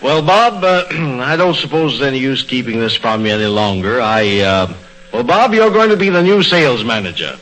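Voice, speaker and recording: A man's voice: medium pitch, big pitch swings, normal speed, a bit bright, rough recording. A man playing a genial, fatherly boss in 1930s radio comedy acting, who hesitates and chuckles. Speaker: actor.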